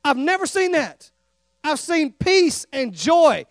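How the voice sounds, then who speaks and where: A man's voice: very high voice, slow, no room sound, studio quality. A middle-aged man from Texas with a Texan accent, preaching a sermon in a church and calling out questions to the congregation. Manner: animated, calls out questions to the congregation. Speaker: traveling evangelist. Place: church sanctuary.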